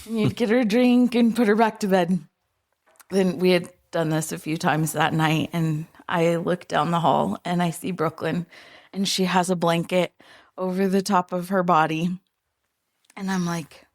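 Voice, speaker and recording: A woman guest on a podcast, telling family stories in an unhurried, gentle way with soft laughter between thoughts. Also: on the low side, steady tone. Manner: unhurried, often laughing softly while remembering. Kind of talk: casual interview storytelling.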